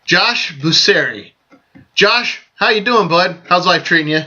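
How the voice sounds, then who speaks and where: A man hosting a casual vlog, giving friendly, joking birthday shout-outs to friends and often repeating himself as he goes. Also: high-pitched, lively intonation, unhurried. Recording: dull lo-fi sound.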